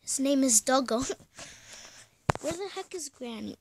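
A woman's voice: high-pitched, expressive, slow, background noise. A young woman commenting on a horror game from her bedroom, pleading and often dropping to a scared whisper. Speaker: gamer. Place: bedroom at home.

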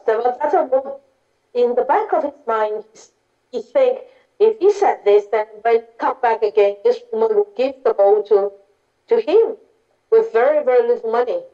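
A woman, a Buddhist nun, giving a dharma talk, telling stories informally with simple grammar and many restarts. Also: on the high side. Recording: dull lo-fi recording.

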